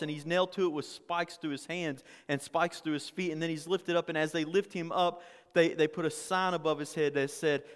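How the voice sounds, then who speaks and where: A man's voice: on the high side, smooth, long reverb tail. A male pastor preaching a conversational sermon, often repeating words and asking the congregation questions.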